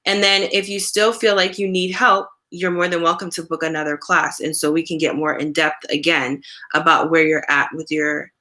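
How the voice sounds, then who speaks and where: A woman's voice: low voice, moderate pace. A woman hosting a live stream about hair care, talking casually and answering viewer questions, with lots of "um" and "you know". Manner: conversational, relaxed, many fillers like "um" and "you know". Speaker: natural hair care host.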